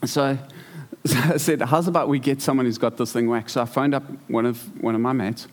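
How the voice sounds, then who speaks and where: A male pastor preaching to his congregation. He tells his story in an animated way, often stumbling and repeating words, and his voice sits in a middle pitch. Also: a little fast. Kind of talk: sermon. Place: church hall.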